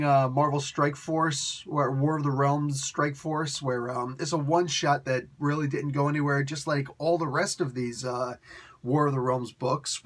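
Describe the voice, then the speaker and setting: A man's voice: fairly high pitch, a bit bright. A man giving a blunt, exasperated comic book review, rambling with restarts and asides. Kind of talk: casual spoken review.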